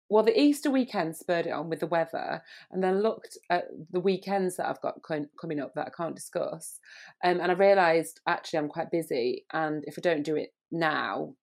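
A woman's voice: on the low side, normal speed, a little mellow. A woman co-hosting a podcast in casual, teasing chat, rambling with lots of fillers. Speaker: podcast co-host.

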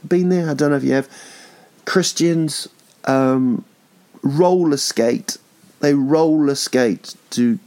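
A man in his thirties with a mid-range, darkish voice hosts a podcast from home. His casual comedic monologue rambles through jokes with swearing, lots of ums, and frequent restarts.

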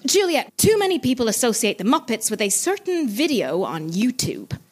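Woman comedian, reading her own fan-fiction aloud: high voice, animated pitch, giggly and self-mocking. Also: normal speed, slightly rough.

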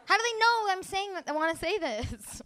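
A woman's voice: very high-pitched, lively intonation, a little fast, sharp tone. A woman doing a live stand-up set, rambling, giggly and self-mocking. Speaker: stand-up comedian. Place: live comedy show stage.

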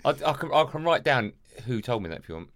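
A man's voice: medium pitch, sing-song, fast talker, fairly bright tone. A man hosting a casual podcast chat, telling stories in a playful, teasing way. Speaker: podcast host.

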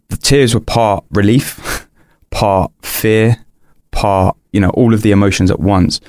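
A man's voice: fairly low pitch, creaky, no echo, clean studio sound. A young man, a podcast guest, candidly telling a personal story in an earnest, rambling way, full of restarts and fillers.

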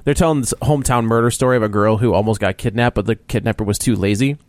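A man co-hosting a podcast, telling a story in casual chat with animated delivery and frequent laughs. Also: on the low side, quick pace, no echo. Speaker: podcast co-host.

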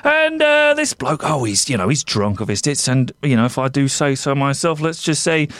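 A man's voice: medium pitch, big pitch swings, moderate pace, a bit bright, dry recording, studio quality. A man playing a blunt, cocky bloke in an improvised comedy scene, talking in brash banter. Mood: boastful. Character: stubborn bloke who only orders tap water, blunt and cocky.

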